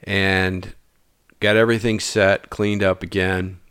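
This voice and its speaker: A man's voice: sits low, takes it slowly, clear, resonant tone, no echo, studio quality. A man telling a personal story in a casual way, acting out the dialogue and dropping to a mutter at times. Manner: animated, acts out dialogue, drops to mutters.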